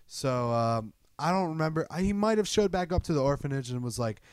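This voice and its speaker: A man's voice: mid-range voice, lively intonation, brisk, few pauses, smooth, no room sound. A man in casual chat, retelling a movie in a rambling way, with lots of fillers, swearing and laughter.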